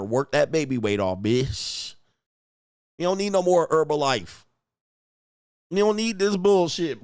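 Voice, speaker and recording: A man's voice: fairly high pitch, creaky, dry recording, clean studio sound. A man hosting a livestream as a coach, ranting in a profane, mocking way and laughing at his own jokes. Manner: profane, mocking, emphatic rant. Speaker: host, relationship coach. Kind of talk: livestream commentary rant.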